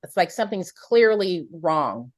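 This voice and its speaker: Podcast host lady, calm and steady, lowish voice, dry close sound. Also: unhurried, no echo. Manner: calm, affirming, summarizing. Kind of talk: casual podcast interview.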